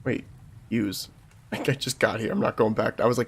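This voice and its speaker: A man's voice: fairly low pitch, flat delivery, fairly quick, gravelly. Brief: man, casual gameplay commentary, easygoing and chuckly. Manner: laid-back, chuckling, reads dialogue aloud. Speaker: streamer. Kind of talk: casual let's-play commentary.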